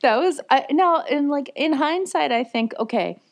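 A woman's voice: sits high, moderate pace. Chatty woman co-host who laughs often. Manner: laughs often, animated storytelling with sung bits. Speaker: podcast co-host. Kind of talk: casual chat.

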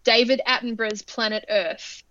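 A woman's voice: a little high, steady tone, moderate pace, pushed and bright, no echo, lo-fi sound. A woman co-hosting a podcast in casual chat, playful, laughing often and swearing freely. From Australia. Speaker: podcast co-host.

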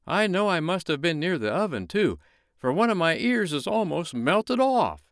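Fussy storybook snowman, high and eager, as a man puts him on, clipped dry sound. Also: big pitch swings, normal speed, dry recording. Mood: anxious. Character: fretful talking snowman, male, chatty.

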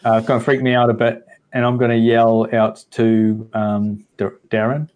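A young man playing a tabletop game, talking hesitantly with plenty of ums and pauses. He slips in jokes while working out his moves. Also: mid-range voice, flat delivery, a little mellow, highs cut off. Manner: hesitant, full of ums, joking. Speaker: player.

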